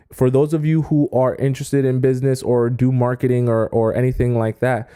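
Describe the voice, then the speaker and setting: Mellow-voiced man coaching on dating. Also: medium pitch. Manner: animated, conversational, frequent "okay?" and "right?" check-ins; acts out quoted people in a raised voice. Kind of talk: live-stream advice talk.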